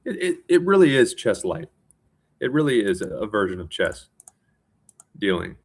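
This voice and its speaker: Low-voiced rambling man. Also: very animated, moderate pace. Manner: rambling, self-mocking, with frequent restarts and laughs. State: tired. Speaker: vlogger. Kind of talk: casual rambling monologue.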